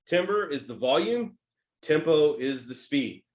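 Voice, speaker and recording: A man's voice: fairly high pitch, big pitch swings, slow. Emphatic Texan man coaching sales. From Texas. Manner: emphatic, tags lines with "right?" and "okay?"; swings between loud stresses and soft asides. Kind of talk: sales training talk.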